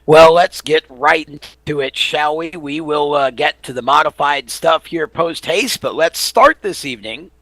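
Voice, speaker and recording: Male radio show host, fairly high voice, upbeat talk-show delivery with fillers. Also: a little slow, few pauses, fairly bright tone, dry recording.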